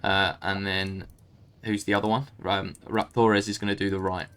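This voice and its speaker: A man leading a game raid over voice chat, calm and organizing, with polite fillers. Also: sits low, moderate pace, clear, resonant tone. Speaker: raid leader. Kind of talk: casual voice chat.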